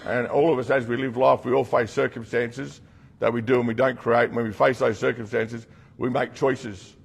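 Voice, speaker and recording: Middle-aged Australian man, rehab program leader: blunt, earnest talk to a group, husky and gravelly. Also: mid-range voice, level tone, moderate pace. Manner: blunt, earnest storytelling with slang. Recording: long reverb from a hall.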